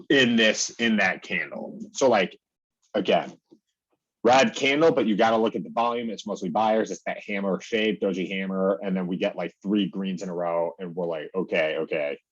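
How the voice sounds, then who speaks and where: Chatty low-voiced man explaining trading charts. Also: moderate pace, a bit bright, breathy edge, muffled recording. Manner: chatty, heavy use of "like" and "okay", acts out his own reactions. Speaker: day trading educator. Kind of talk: casual screen-share chart walkthrough.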